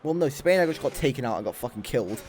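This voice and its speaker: A young man giving excitable, sweary live commentary on a sim race while bantering with his chat. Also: medium pitch, fast, a little hiss or hum.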